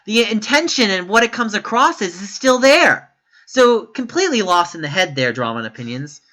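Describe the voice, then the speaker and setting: A man's voice: high voice, big pitch swings, normal speed, sharp tone. A man giving opinion commentary in a vlog, talking in an emphatic, rambling way and breaking into sudden exasperated outbursts. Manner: rambling, self-correcting delivery. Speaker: YouTube commentator.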